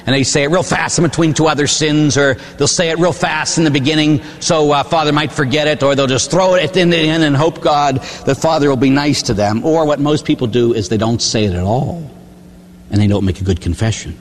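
A man's voice: fairly high pitch, fairly quick, big-room sound. An older man from Pittsburgh, a priest preaching a sermon in a folksy storytelling way, asking "huh?" and acting out voices. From Pittsburgh, USA. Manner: folksy storytelling, tag questions, acts out voices.

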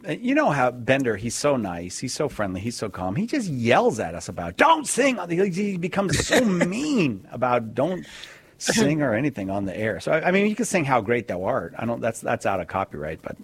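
A man hosting a live call-in radio show, playful and animated, joking with his co-host. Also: mid-range voice, normal speed, hardly any pauses, slightly rough. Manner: animated, playful, jokes and mimics.

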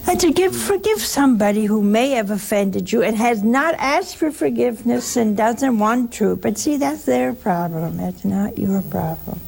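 A woman's voice: fairly high pitch, animated, normal speed, creaky, few pauses, darkish tone, husky. An older woman giving a folksy sermon to listeners, telling stories and acting out the voices of others. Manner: folksy storytelling, acts out voices. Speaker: preacher.

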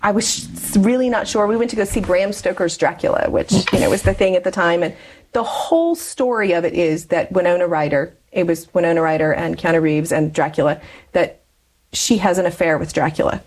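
A woman's voice: on the low side, brisk, darkish tone, poor audio. Chatty woman in her forties telling a personal story. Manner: chatty, laughs often between phrases. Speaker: interview guest.

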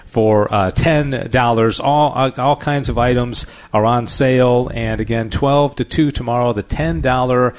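A man's voice: medium pitch, fairly even intonation, unhurried, few pauses. A man hosting a live remote radio interview, chatty and easygoing. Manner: chatty, easygoing, with filler words. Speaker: radio host.

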